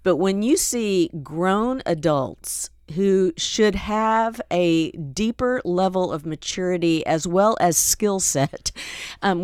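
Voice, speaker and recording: A woman on a talk radio show who speaks slowly and thoughtfully. Her voice is smooth and clear, and the studio sound is dry. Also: on the low side, a little mellow, dry recording. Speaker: studio guest. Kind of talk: casual talk radio conversation.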